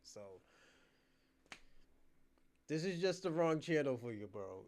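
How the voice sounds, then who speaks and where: A man's voice: a little high, big pitch swings, takes it slowly, long pauses, a little mellow. A man hosting his own channel, ranting at his chat in a profane, combative, mocking way. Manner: mocking, laughs between jabs. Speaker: channel host. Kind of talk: livestream rant.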